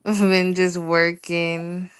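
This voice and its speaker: A young woman guest on an online panel chat, soft-spoken and giggling often. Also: lowish voice, little pitch movement, takes it slowly, clear, resonant tone, no echo, rough recording. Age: young adult.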